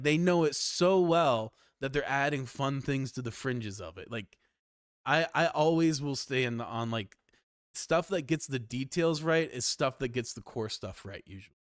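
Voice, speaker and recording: A man's voice: mid-range voice, expressive, normal speed, no echo, clean studio sound. A Canadian man giving loose, profane commentary over a game playthrough, laughing often and rambling. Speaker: game streamer.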